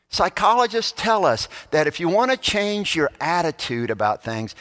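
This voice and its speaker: A man's voice: high-pitched, very animated, normal speed, hardly any pauses, fairly bright tone. A male pastor giving a sermon, telling stories and acting out the people in them. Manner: storytelling, voices quoted characters. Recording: long church reverb.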